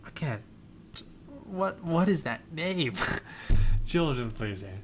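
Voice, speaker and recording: A man's voice: a little high, very animated, takes it slowly, a little hiss or hum. A young man reading his old fan fiction aloud and breaking off with self-mocking laughter and commentary. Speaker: reader.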